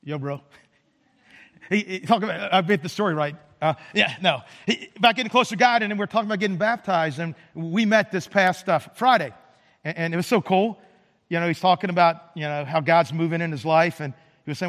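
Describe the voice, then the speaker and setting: A man's voice: on the high side, quick pace, a bit bright, long reverb tail. A male pastor preaching a sermon in a casual, conversational way, often repeating words and asking "right?". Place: church sanctuary.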